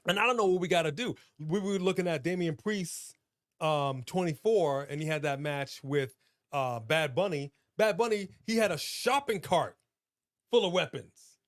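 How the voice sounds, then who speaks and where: A man co-hosting a casual wrestling chat show, talking in an emphatic, animated, slangy way. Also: a little high, moderate pace, no room sound, clean studio sound. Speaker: podcast co-host.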